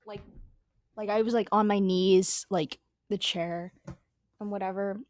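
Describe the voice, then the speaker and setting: A woman's voice: medium pitch, fairly even intonation, unhurried, darkish tone, dry recording. A young woman telling a story in a casual, rambling way, full of fillers, restarts and swearing. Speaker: storytelling vlogger.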